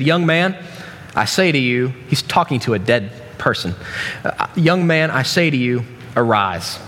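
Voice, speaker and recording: A man's voice: medium pitch, a bit bright. A man preaching a sermon in a casual, joking way, with many restarts and asides. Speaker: pastor. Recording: long reverb from a large hall.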